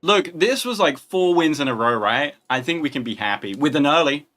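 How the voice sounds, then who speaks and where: A man's voice: a little high, lively intonation, normal speed, a bit bright, faint music behind. A young man hosting a casual livestream, chatting, joking and answering viewer questions. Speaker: livestream host.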